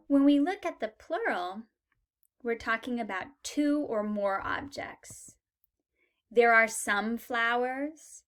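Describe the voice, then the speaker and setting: A woman's voice: on the high side, animated, takes it slowly, a bit bright, a little hiss or hum. A woman teaching a beginner English lesson, modelling short sentences patiently and stressing key words. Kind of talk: slow, clear language lesson.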